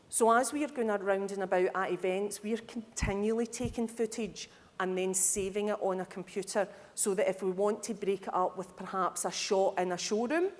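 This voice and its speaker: A woman speaking to a live audience at a conference, lively and candid, with humorous asides. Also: medium pitch. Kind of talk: conference talk. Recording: hall reverb.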